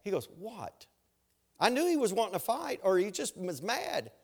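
A man's voice: sits high, big pitch swings, brisk, gravelly, darkish tone. A man preaching a sermon, telling stories with humor and asking the congregation if they follow. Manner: storytelling with humor and asides to the congregation. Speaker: pastor.

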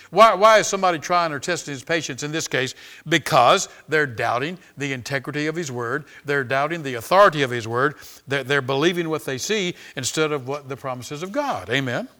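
A man's voice: on the high side, expressive, brisk, pushed and bright. A man preaching a sermon as pastor, emphatic and repetitive, calling out to the congregation for amens.

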